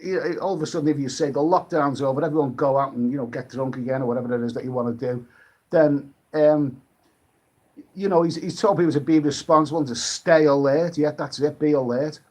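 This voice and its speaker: A British man chats casually on a late-night live stream, his voice a touch higher than most men's. He rambles and restarts his sentences often. He picks up viewer comments and reads them aloud as he goes. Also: a little fast, a little mellow.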